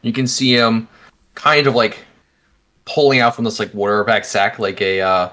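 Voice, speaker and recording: Bright-voiced male game master. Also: fairly low pitch, steady tone, moderate pace. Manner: descriptive, with many fillers like "like". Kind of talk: narrating a tabletop game.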